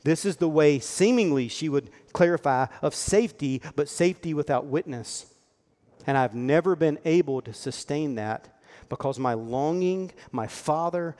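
A man's voice: medium pitch, darkish tone. A man preaching a sermon in an earnest, conversational way, acting out the lines he quotes. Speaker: pastor. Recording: long hall reverb.

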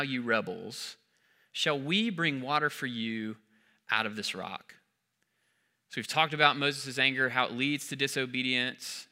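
A man's voice: a little high, bright, forceful tone. A man, a pastor, preaching an emphatic sermon full of rhetorical questions.

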